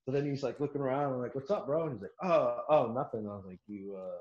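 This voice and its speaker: A man's voice: mid-range voice, fast, hardly any pauses, a little mellow. A man casually telling a military story, swearing often, laughing, and acting out the people he quotes. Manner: profane, laughing, acts out quoted voices. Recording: roomy, dull lo-fi sound.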